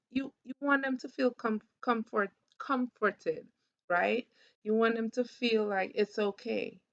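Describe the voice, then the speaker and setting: A woman talks through a wellness lesson in a relaxed, conversational way, with a gravelly rasp in her voice. She keeps pausing to check that her viewers follow along. The recording is somewhat dull and lo-fi. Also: a little high. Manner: conversational, often checks in with "right?". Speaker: wellness vlogger. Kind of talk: casual teaching talk to camera.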